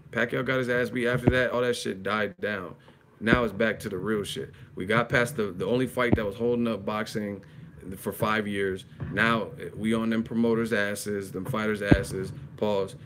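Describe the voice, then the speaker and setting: A grown man streaming live, ranting bluntly and profanely about boxing, with mocking asides in a high sneering voice. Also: moderate pace, over loud music. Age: adult. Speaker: boxing commentary livestreamer. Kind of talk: casual livestream rant.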